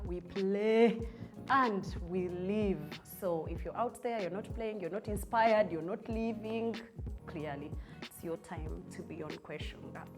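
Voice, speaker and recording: A young woman with a somewhat low voice hosts her own show, speaking straight to her listeners. She is eager and repeats words for emphasis. Faint music plays beneath her. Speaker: host. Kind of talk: conversational monologue.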